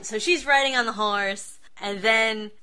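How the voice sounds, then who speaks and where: A woman in casual comics chat with a bright, forward tone. She swears freely and breaks into laughter as she retells the panels. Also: on the high side, measured pace, clear, resonant tone. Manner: profane, laughing, animated retelling.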